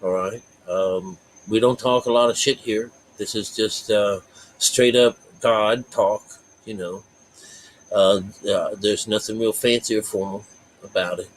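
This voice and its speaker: A man's voice: fairly low pitch, steady tone, measured pace, slight background noise, low-quality recording. A man giving a rambling, folksy spiritual talk to his viewers, full of fillers and asides. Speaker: spiritual vlogger.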